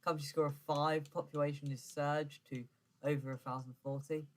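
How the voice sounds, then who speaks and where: A gaming streamer talks through his game in a loose, rambling way. His voice sits a little high for a man. He trips over words and backtracks often as he thinks aloud. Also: little pitch movement, moderate pace. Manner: rambling, self-correcting, stammers when flustered. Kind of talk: casual gameplay commentary.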